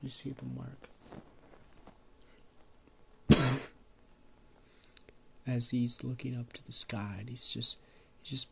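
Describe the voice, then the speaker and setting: Guy w a cold rambling thru a made-up story, husky gravelly voice, slow. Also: medium pitch, completely flat delivery. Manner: rambling, loose, with fillers and swearing. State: has a cold, coughing. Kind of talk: improvised spoken storytelling.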